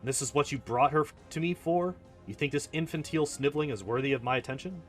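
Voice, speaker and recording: A man's voice: on the high side, fast talker, natural voice. A man reading aloud as a haughty, scornful female demon queen in a video game, cold and mocking, with faint music behind.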